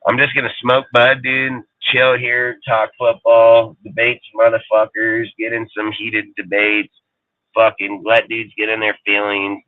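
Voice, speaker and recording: A man's voice: fairly low pitch, no echo. A man hosting a fan show, ranting in a heated, profane, rambling way. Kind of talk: ranting livestream talk. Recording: tinny phone-like sound, dry.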